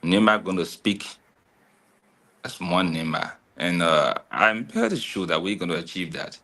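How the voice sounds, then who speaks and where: A man in a casual talk-show chat, telling stories in a lively way and often repeating his words. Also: low-pitched, measured pace, vocal fry. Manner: animated storytelling, repeats words.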